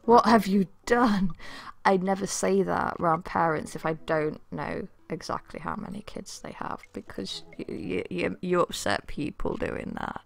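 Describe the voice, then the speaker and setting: Gravelly woman streaming a game. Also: lowish voice, steady tone, moderate pace, hardly any pauses. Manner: chatty, swears casually, reads game text aloud. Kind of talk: casual let's-play commentary.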